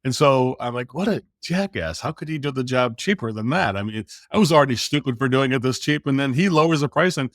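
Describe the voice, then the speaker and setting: Animated middle-aged man telling a story. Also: medium pitch, fast, few pauses, dry recording, studio quality. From United States. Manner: animated storytelling, acts out quoted dialogue, casual swearing. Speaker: sales coach guest. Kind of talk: storytelling in a podcast interview.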